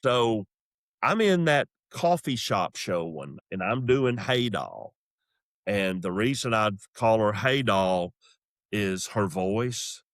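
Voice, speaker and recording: A man's voice: lowish voice, takes it slowly, dry recording, studio quality. A middle-aged man with a Southern accent, a comedian casually telling a story. He moves in and out of quoted voices as he talks. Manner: animated, acts out voices and quotes. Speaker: comedian guest.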